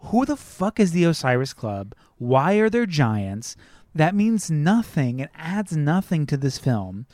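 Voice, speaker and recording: A man's voice: on the high side, sing-song, a little slow, darkish tone, no echo, clean studio sound. A man co-hosting a casual film review chat, ranting heatedly and swearing freely. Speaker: podcast co-host.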